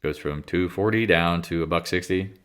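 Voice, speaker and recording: Congested, low-voiced man rambling about markets. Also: normal speed, clean tone. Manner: rambling, self-interrupting, blunt and offhand. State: congested, clearing throat. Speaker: market commentator. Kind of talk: casual market commentary.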